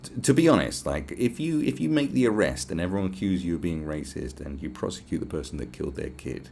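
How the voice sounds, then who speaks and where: Gravelly, animated British man ranting. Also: low voice, fast, a little hiss or hum. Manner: profane, ranting, sarcastic. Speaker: podcast host. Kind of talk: casual podcast rant.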